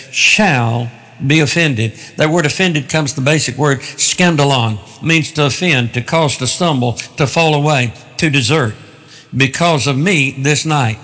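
A man delivering a sermon in a somewhat high voice. He speaks deliberately, repeating phrases to build emphasis as he walks through the text. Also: a bit bright. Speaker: pastor. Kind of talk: expository sermon.

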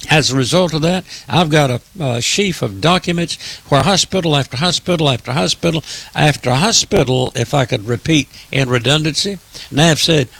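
A man's voice: medium pitch, creaky, fairly bright tone, husky, dry recording. A man delivering preaching political commentary, emphatic and repetitive, addressing his listeners as in a sermon.

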